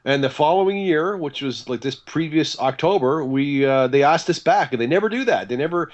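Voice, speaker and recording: A man, a guitarist being interviewed, telling stories in a casual, animated way and acting out the dialogue he quotes. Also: on the high side, brisk, dull audio. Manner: animated, acts out quoted dialogue, chatty with fillers. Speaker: guest guitarist.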